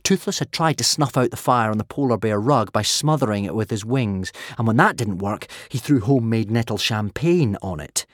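Lively male audiobook narrator, dry sound. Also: on the low side, normal speed, hardly any pauses, no echo. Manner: lively storytelling, many character voices. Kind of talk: expressive scripted narration.

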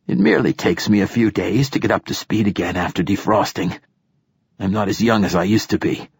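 A man voicing a harsh, raspy ancient poet. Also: fairly low pitch, expressive, a little fast, dry recording, exaggerated voice. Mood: gruff. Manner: blunt, forceful. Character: very old man, a gruff profane poet. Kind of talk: audiobook dialogue.

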